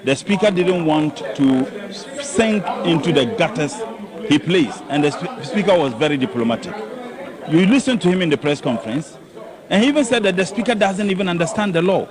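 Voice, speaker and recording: A man with a Ghanaian accent, a politician making slow, deliberate, pointed remarks to the press outdoors. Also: high-pitched, lively intonation. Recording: outdoor clip with crowd noise.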